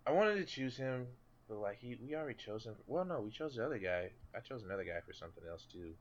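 A man's voice: medium pitch, expressive, fast talker, muffled recording. A man co-hosting a podcast in loose, casual chat, swearing and correcting himself as he goes. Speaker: podcast co-host.

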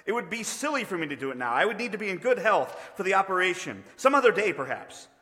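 A man's voice: high-pitched, sing-song, quick pace, sharp tone, voice pushed up, exaggerated voice. A man voicing a frightened male ghost who pleads and whines, his voice raised and strained. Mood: pleading. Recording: long reverb of a large hall.

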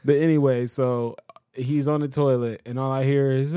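A man's voice: mid-range voice, moderate pace, dark tone, clear, resonant tone, no room sound, clean studio sound. A man co-hosting a casual podcast chat, a father telling stories, acting out voices and laughing often. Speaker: podcast co-host; father of a toddler.

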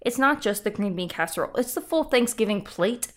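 A woman joining a casual podcast chat, playful and teasing with an eager, enthusiastic drive. Her voice sits a little high. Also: lively intonation, brisk.

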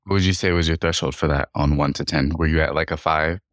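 Brief: male co-host, extremely deep voice, dry close mic, careful questioner. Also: steady tone, a bit bright, no echo. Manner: deliberate questioner, many fillers and restarts. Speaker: podcast co-host asking questions. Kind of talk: casual chat.

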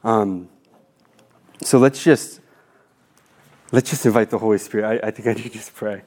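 A man in his twenties giving a talk to his faith community, nervous and tearful, halting with many pauses. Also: on the low side, darkish tone. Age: 20s. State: tearful, voice breaking. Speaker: speaker giving a formation talk.

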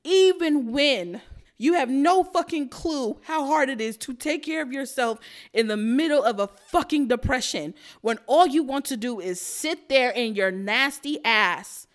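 Woman ranting on her show, lots of swearing, kinda high voice, gets real low and quiet sometimes. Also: animated, a little slow. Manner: heated, profane, emphatic, swinging to quiet and somber. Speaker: podcast host. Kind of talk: profane solo rant.

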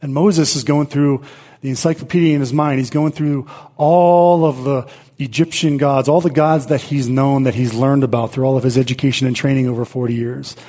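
A man's voice: medium pitch, fairly even intonation, moderate pace, dark tone. A male pastor preaching a sermon and reading scripture aloud, earnest, with frequent repeats and restarts.

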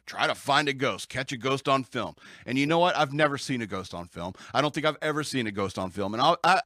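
A man's voice: medium pitch, a bit bright, dry recording, clean studio sound. A man with an American accent, chatting casually about the news as a podcast host, rambling and joking, often laughing and restarting his sentences.

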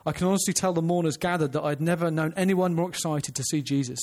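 A man's voice: a little high, quick pace, darkish tone. An earnest man preaching a sermon, emphatic, restarting phrases and asking the listeners questions.

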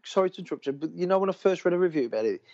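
A man's voice: on the high side, lively intonation, racing, darkish tone. A man co-hosting a casual film podcast, talking in an enthusiastic, rambling way and often cutting himself off. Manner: rambling, enthusiastic, self-interrupting. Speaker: podcast co-host. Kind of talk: casual chat. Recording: dull lo-fi recording.

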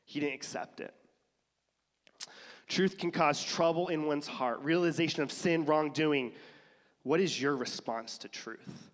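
A man's voice: fairly high pitch, measured pace, pauses often, in a large hall. A man with a cough preaching a casual, conversational sermon, acting out the voices of the people in his stories. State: has a cough.

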